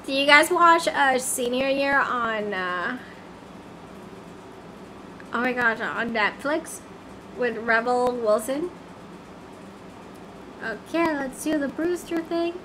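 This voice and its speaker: A woman's voice: sits high, slow, pauses often, background noise. A woman chatting casually on a game livestream, easily flustered and singing snatches of songs.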